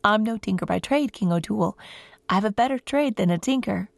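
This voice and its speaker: A woman's voice: medium pitch, animated, fairly quick, gravelly, no echo. A woman storyteller puts on a cheeky young man from a fireside folk tale, sure of his bargain and a bit boastful. The voice sits in a middle register. The sound is dry and close. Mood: confident, sly. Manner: bold, teasing, self-assured. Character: cheeky young man who is secretly a saint.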